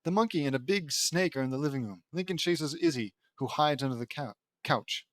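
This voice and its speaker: A man's voice: a little high, a little fast, no room sound, clean studio sound. Man casually reading his own fan fiction. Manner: stumbling restarts, amused asides. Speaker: audiobook reader and author.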